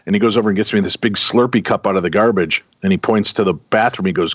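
A middle-aged man casually telling a long personal story, animated and acting out the people in it. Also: lowish voice, fairly quick, no room sound. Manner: animated anecdotal, voices quoted people. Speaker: podcast guest telling a story. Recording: dull, dry close sound.

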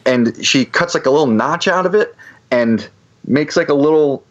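A man's voice: fairly high pitch, moderate pace, lo-fi sound. A man casually telling a long anecdote, rambling with frequent restarts and fillers. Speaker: guest storyteller.

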